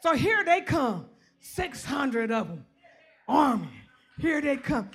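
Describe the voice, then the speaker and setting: Woman preacher, sermon, bright piercing voice, shouts, repeats lines, calls on the congregation by name. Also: high-pitched, big pitch swings, unhurried, soft background music. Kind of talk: sermon with call-and-response. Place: church.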